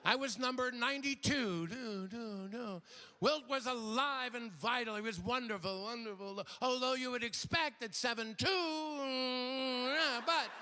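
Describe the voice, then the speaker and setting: A man's voice: extremely high pitch, unhurried, bright, forceful tone, pitched above the performer's own voice, exaggerated voice. A man putting on a prim woman addressing a convention, mimicking a public-address echo. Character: fussy middle-aged woman at a convention podium.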